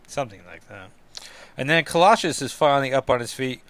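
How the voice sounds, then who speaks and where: A man's voice: medium pitch, expressive, fairly quick, a bit bright, a little hiss or hum. A man hosting a comic book podcast, giving casual, rambling commentary with jokey asides.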